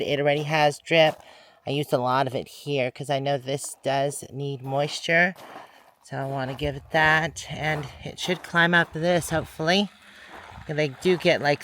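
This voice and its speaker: Bright-voiced man talking through his garden. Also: fairly high pitch, a little hiss or hum. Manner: relaxed, thinking aloud as he works. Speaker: garden vlogger. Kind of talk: casual vlog narration. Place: outdoors in a home garden.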